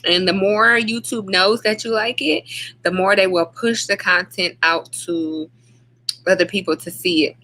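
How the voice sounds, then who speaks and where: A woman's voice: medium pitch, fairly even intonation, measured pace, bright, forceful tone. A woman hosting a casual livestream, chatting loosely and greeting viewers one by one by name. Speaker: livestream host.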